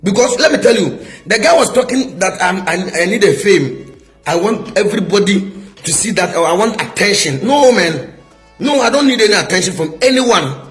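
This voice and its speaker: Scolding high-voiced Ghanaian preacher. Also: male voice, fairly bright tone. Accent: Ghanaian English. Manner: scolding, repetitive, rhetorical questions. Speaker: prophet. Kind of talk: heated video response.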